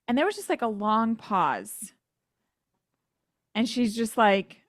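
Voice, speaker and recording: On a podcast, an American woman with a voice on the high side shares her faith testimony unhurriedly, leaving long pauses. She speaks earnestly, turns emotional at times, performs the voices of people she quotes, and laughs at herself. The recording is dry and studio-clean.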